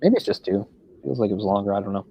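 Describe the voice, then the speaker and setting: A man's voice: lowish voice, animated, rapid-fire, creaky, muffled recording, a little hiss or hum. A man co-hosting a casual film discussion podcast, talking in a rambling way with many fillers. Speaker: podcast co-host.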